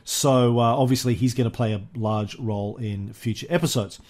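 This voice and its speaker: A man's voice: medium pitch, fairly even intonation, moderate pace, a little mellow. A man hosting a history podcast, telling the story in a chatty, casual way with frequent fillers and easy laughs. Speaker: podcast host.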